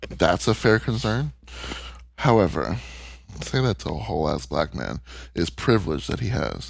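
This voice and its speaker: Male podcast co-host, low and gravelly, blunt and profane, lively storyteller. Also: no room sound. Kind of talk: casual podcast chat.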